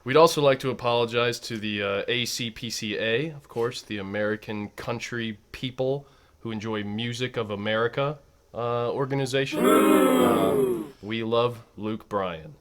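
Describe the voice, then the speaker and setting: Playful comedy host, lively voice. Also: male voice, mid-range voice, moderate pace, noisy background. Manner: playful, mock-solemn. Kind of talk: comedic banter.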